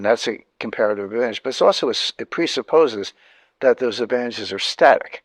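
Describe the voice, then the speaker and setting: A man's voice: mid-range voice, expressive, fairly quick, no echo. A man, a guest in an interview, explaining economics emphatically, repeating key points and often restarting sentences.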